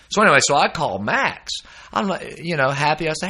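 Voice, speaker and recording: A male host chatting with another musician and telling stories with animated, swinging pitch. His voice is bright and forward. He slips into quick voices for the people he quotes. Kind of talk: casual conversation between musicians.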